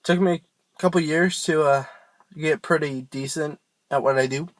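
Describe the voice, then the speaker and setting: A man's voice: a little high, fairly even intonation, normal speed, no room sound. A young man giving a casual, rambling tutorial on screaming technique, joking at his own expense. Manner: rambling, self-mocking, loose and informal.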